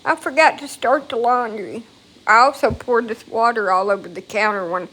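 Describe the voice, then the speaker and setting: A woman's voice: on the high side, normal speed, a bit bright, breathy edge. A woman talking casually into a phone at home, rambling and emotional, with frequent swearing. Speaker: vlogger. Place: at home, indoors.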